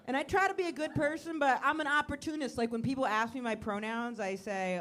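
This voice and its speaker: A woman comedian on a club stage, doing crowd work and a stand-up set in a neurotic, self-deprecating way, breaking into loud mock panic. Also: high-pitched, a little fast, few pauses. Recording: live club recording with audience noise.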